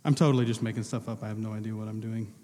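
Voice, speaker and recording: A man's voice: fairly low pitch, level tone, rapid-fire, dark tone, a little hiss or hum. A male pastor talking casually from the pulpit, joking with the congregation while quizzing them on movie quotes. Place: large church hall. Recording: long hall reverb.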